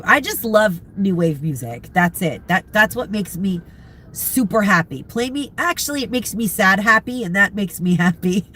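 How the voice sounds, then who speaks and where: A middle-aged woman with a stuffed-up, congested voice chats loosely from inside a parked car. She rambles and trails off while hunting for half-remembered names. Her pitch sits in a comfortable middle range, and faint background noise hums behind her. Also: fairly bright tone. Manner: rambling, chatty, searching for names, frequent laughs. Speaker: vlogger chatting with live viewers. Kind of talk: casual chat.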